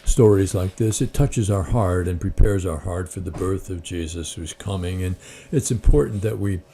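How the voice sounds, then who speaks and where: A man's voice: sits low, normal speed, warm tone, slight background noise. A man who hosts a Christian channel, reading a story aloud and then reflecting on it, often hesitant with fillers. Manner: hesitant with fillers when speaking freely.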